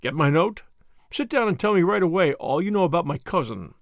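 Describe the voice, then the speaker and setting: A man's voice: on the high side, animated, fairly quick, creaky, no echo, studio quality. A man voicing a brash, impatient businessman in his thirties with an American accent. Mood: blunt. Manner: blunt, impatient.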